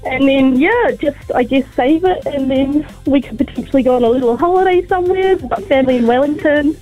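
Excitable kiwi woman calling in on the phone, high voice, laughing a lot, music under. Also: a little fast, phone-quality sound. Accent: New Zealand. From New Zealand. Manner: breathless and giddy, laughing often. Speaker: caller. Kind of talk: excited radio phone call.

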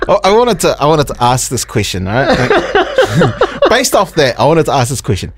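A man co-hosting a radio show from a studio, telling stories in animated, casual banter. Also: moderate pace, husky. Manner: animated storyteller, mimics others in a high voice. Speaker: radio co-host. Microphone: studio microphone.

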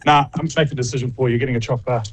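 A man's voice: mid-range voice, fairly even intonation, rapid-fire, a little hiss or hum. A man, a passer-by speaking outdoors on a street, hearty and matey.

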